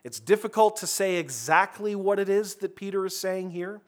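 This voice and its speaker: A man delivers a sermon in a relaxed, conversational tone, his voice sitting a bit high for a man. He often starts a phrase over and turns to the congregation with quick asides. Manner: conversational preaching with frequent restarts and asides. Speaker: pastor.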